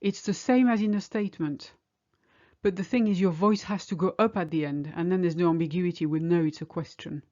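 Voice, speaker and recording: Low-voiced woman teaching French, slow and clear. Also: mellow, highs cut off. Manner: clear, deliberate, slows down to model French phrases. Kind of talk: language lesson.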